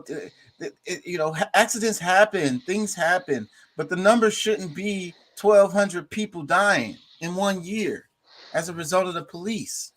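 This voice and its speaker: A man's voice: sits high, fairly bright tone. A man hosting a casual talk show, speaking with passion and swearing freely. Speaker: podcast host. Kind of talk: casual chat.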